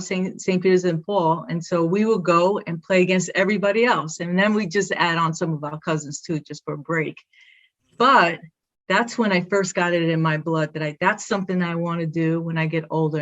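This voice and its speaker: The recording is lo-fi, and the woman's voice sits on the low side. She is an athletic director from Brooklyn, New York, with a Brooklyn accent. As a guest in a casual interview, she tells her story with pride.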